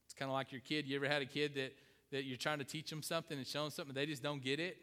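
A man's voice: medium pitch, little pitch movement, very fast, bright, forceful tone, in a large hall. A middle-aged man preaching a sermon, emphatic, repeating key phrases and asking his congregation questions. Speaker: pastor.

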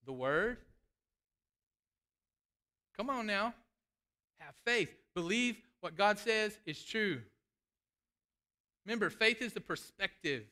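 A man's voice: high voice, lively intonation, slow pace, long pauses, pushed and bright. A man preaching a sermon, fervent and emphatic, calling out to the congregation.

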